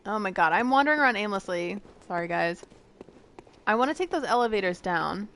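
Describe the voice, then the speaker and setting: A woman's voice: mid-range voice, expressive, a little fast, fairly bright tone, a little hiss or hum. A young American woman streaming a game, chatting casually with viewers in a giggly, rambling way. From United States. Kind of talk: casual gameplay chat with viewers.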